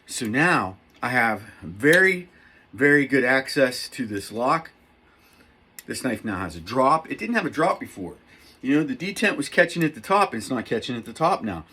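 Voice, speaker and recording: A middle-aged man talking casually to camera as a knife reviewer, rambling and excitable, poking fun at himself. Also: medium pitch, normal speed, slight background noise. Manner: rambling, excitable, self-mocking.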